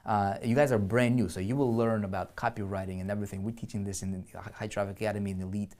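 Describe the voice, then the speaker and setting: A man's voice: on the low side, fairly even intonation, quick pace, a little mellow. Man, marketing instructor, screen-share walkthrough, restarts and repeats words, asks "right?" often. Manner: thinks aloud, checks in with listeners often.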